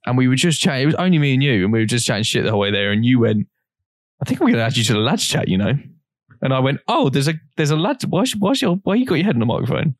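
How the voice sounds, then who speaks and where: A man's voice: mid-range voice, big pitch swings, rapid-fire, dry recording, studio quality. A young man co-hosting a podcast, telling a long story in a rambling, casual way with plenty of swearing. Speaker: podcast co-host. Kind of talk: casual chat.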